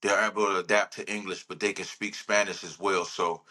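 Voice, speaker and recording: A man's voice: sits low, little pitch movement, fairly quick, bright, forceful tone. A man, a rapper talking in a casual podcast interview, rambling and laid-back. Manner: laid-back, rambling, says "you know what I'm saying" often.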